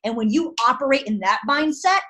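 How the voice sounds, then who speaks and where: It's night at home, and a woman's high-pitched, animated voice comes through brisk and sharp. She rallies her sales team with an emphatic pep talk, using slang and firing off punchy rhetorical questions.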